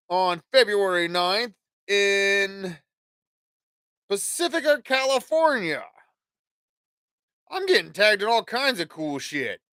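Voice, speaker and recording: A man with a high, bright voice talks loosely on his livestream show, swearing freely and jumping between voices for the people in his stories. The sound is dry and close, with no room around it. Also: no room sound. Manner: profane, rambling, acts out dialogue. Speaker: podcast host. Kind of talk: casual livestream chat.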